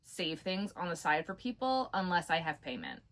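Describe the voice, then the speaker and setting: Casting note: woman host, casual chatty delivery, animated pitch, frequent laughs. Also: moderate pace. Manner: chatty, laughs often, retells customer quotes. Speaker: crochet channel host. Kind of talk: casual chat.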